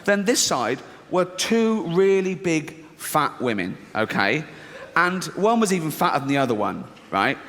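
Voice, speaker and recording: A man's voice: on the high side, very animated, measured pace. Brash swearing stand-up comic man. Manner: brash, swearing, laughing through punchlines. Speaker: stand-up comedian. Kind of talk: stand-up comedy routine. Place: large theatre stage. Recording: roomy hall with loud audience ambience.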